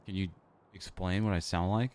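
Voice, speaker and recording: A man's voice: sits low, steady tone, moderate pace, darkish tone. A man streaming, rambling casually with lots of fillers and restarts into an XLR mic at his home setup.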